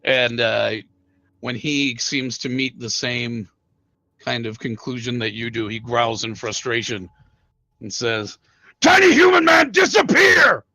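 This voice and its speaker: A man narrating a tabletop role-playing game as game master, slow and halting, with many filler words. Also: medium pitch, little pitch movement, sharp tone, dry recording, low-quality recording.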